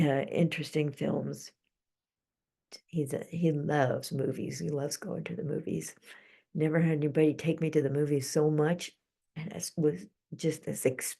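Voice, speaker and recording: A middle-aged woman with a low, gravelly voice hosts a psychic channeling session streamed live. She talks slowly and soothingly, easing now and then into quiet whispers.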